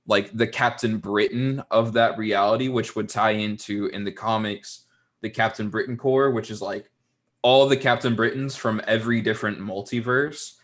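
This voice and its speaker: Laid-back young man, low voice. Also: fairly even intonation, normal speed, fairly bright tone. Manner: rambling, filler-heavy, laid-back with mocking asides. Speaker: podcast co-host. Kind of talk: casual chat.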